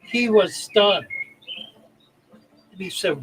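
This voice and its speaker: An older man with a high, bright voice tells stories from his past at an unhurried pace. His delivery is deliberate and emphatic, with heartfelt pauses, and there is faint birdsong behind him. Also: a little hiss or hum, low-quality recording. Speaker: channel host. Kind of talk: storytelling anecdote.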